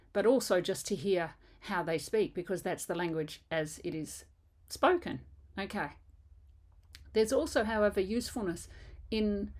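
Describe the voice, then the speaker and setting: With a mid-range, darkish voice, an older native English speaker works as a French teacher. She gives a patient pronunciation lesson, spelling out words one letter at a time.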